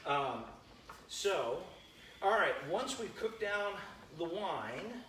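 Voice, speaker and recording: A man's voice: sits high, sing-song, drawn-out words, fairly bright tone, reverberant, slight background noise. A man hosting a live-streamed home cooking demo, chatting with viewers by name as he cooks in his kitchen. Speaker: home cooking show host.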